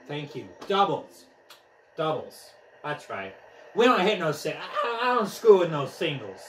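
Excitable young man, roomy and distant. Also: fairly high pitch, measured pace, slight background noise. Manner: excitable, trash-talking, yelps and whoops. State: out of breath. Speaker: gaming vlogger. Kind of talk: casual gameplay commentary. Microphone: camera mic from a few steps away. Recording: echoey room, distant from mic.

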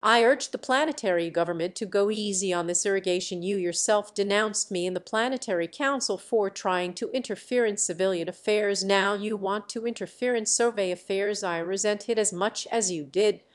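A grim male sector chief who speaks with dry, icy precision, as a woman reader puts him on. He holds himself in check, in the measured tone of an audiobook. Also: mid-range voice, natural voice. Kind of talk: audiobook reading.

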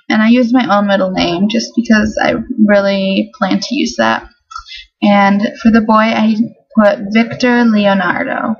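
Husky-voiced woman chatting to camera. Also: mid-range voice. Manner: chatty, enthusiastic about baby names. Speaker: vlogger. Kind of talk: casual talk to camera. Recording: dull lo-fi home recording.

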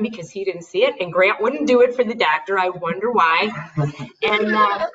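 Interviewed about her family's history, an American mother tells the story conversationally and animatedly, quoting dialogue and laughing lightly. Her voice is mid-range at a normal speed, captured in a distant, dull lo-fi recording.

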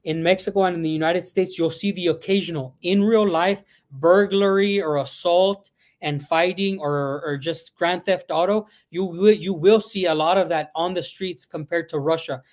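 A man's voice: sits high, steady tone, moderate pace. A man answering viewer questions on a casual live stream, reading questions aloud and rambling a little, sometimes switching into Spanish. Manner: rambling, reads out chat questions, mixes in Spanish.

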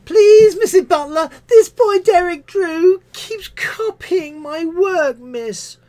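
A live-stream poetry reader voicing a young schoolchild who keeps tattling to the teacher in a whiny, pleading, drawn-out way. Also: very high voice, dark tone, voice pushed up.

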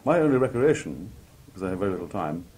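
A man from Liverpool, working as a television announcer, telling anecdotes in a relaxed interview and acting out the people he quotes. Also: low-pitched, quick pace, husky. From Liverpool, England. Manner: lively raconteur, acts out quoted people in different voices. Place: outdoor country fair at a cricket ground.

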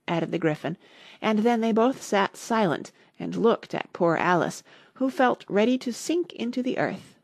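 A woman narrating a classic storybook with steady, unhurried storytelling. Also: mid-range voice, creaky, no room sound, studio quality. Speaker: audiobook narrator.

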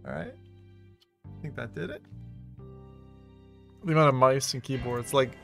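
A man streaming a VR racing game, talking casually, excitable and swearing freely. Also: mid-range voice, unhurried, creaky, soft background music. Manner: excitable, swearing, laughing a lot. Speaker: VR gaming streamer. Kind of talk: casual live-stream commentary.

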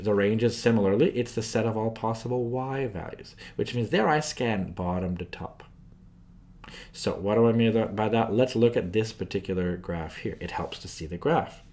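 A man's voice: on the low side, a little mellow. A man teaching a math lesson over a screen recording, chatty and thinking aloud as he draws graphs, often asking the viewer questions. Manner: asks the viewer frequent questions. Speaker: math tutor.

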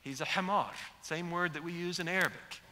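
Male preacher, animated storyteller, sharp bright tone, echoing sanctuary. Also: a little high, brisk. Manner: animated storyteller acting out quotes. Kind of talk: sermon. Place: large church sanctuary. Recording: echoey hall.

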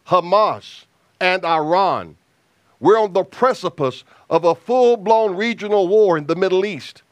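A man preaching a sermon as an evangelist, slow and emphatic with deliberate pauses. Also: sits high, no echo.

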